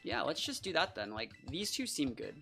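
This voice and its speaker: An excitable young adult talks through a competitive match, casual and quick to react. The voice swings widely in pitch. Soft music plays underneath. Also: creaky. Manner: casual and excitable, heavy use of "like" and "bro". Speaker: competitive battle player and channel host. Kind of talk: live gameplay commentary.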